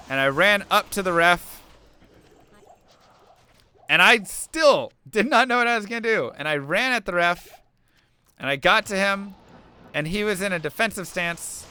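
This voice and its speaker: A man's voice: high-pitched, animated, a little slow, long pauses, bright, forceful tone, clean tone. A young man streaming to viewers, talking through an earnest, rambling story full of fillers as he chats. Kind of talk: casual chat while gaming.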